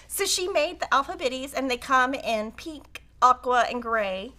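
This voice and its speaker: A middle-aged woman with a high, bright voice hosts a casual quilting livestream. She chats in an excitable, rambling way, full of little fillers, as she moves into a tutorial. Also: moderate pace. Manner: chatty and excitable, with many "um" and "like" fillers. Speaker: host of a quilt shop livestream. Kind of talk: casual live-stream chat and quilting tutorial.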